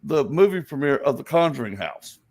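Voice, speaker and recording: Gravelly storytelling man from Alabama. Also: fairly high pitch, brisk. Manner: animated storyteller, acts out quoted voices. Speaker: psychic guest. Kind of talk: casual storytelling chat.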